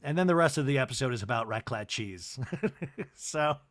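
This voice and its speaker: A man hosting a podcast and giving a comedic recap of a TV episode in a chatty, animated way, acting out what people said. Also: mid-range voice, moderate pace. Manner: chatty and animated, acts out quotes. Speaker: podcast host.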